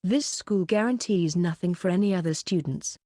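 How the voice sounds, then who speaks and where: A woman's voice: on the low side, moderate pace, mellow, no room sound, studio quality, close to an everyday voice. A woman voicing a stern, cold female homeroom teacher with a cutting, mocking manner.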